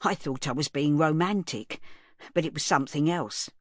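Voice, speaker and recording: A woman's voice: low-pitched, normal speed, no echo, clean studio sound. A woman voicing an earnest, ashamed young man who speaks hesitantly.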